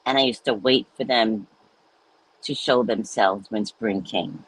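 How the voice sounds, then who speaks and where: A woman's voice: rumbling low, unhurried, a little hiss or hum, rough recording. A middle-aged woman hosting a casual livestream, chatting and reading viewer comments aloud. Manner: chatty, animated, reads chat aloud. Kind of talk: casual chat.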